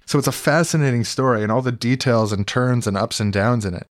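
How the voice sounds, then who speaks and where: A man's voice: mid-range voice, brisk, no echo, studio quality. A man co-hosting a podcast in casual, amused chat, full of "like" fillers. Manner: chatty, amused, many "like" fillers. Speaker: podcast co-host.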